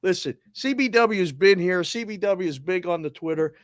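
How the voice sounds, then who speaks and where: Upbeat Boston man reading listener shout-outs. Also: high voice, moderate pace, dry recording, studio quality. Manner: energetic, shout-outs with area codes and towns. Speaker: sports talk show host. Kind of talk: roll call of listeners, casual.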